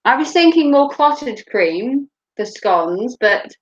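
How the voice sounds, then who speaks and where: Brief: woman vlogger, slight Norfolk accent, fairly high voice, casual and sweary, muffled lo-fi sound. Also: very animated, slow pace. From Norfolk, England. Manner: chatty, laughing, swears freely. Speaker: vlogger, mother. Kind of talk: casual chat. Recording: dull lo-fi home recording.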